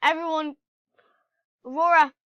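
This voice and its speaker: A woman giving casual, excitable commentary while playing a video game and chatting to her in-game pets. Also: high-pitched, measured pace, a little hiss or hum. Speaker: gameplay channel host. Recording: dull lo-fi home recording.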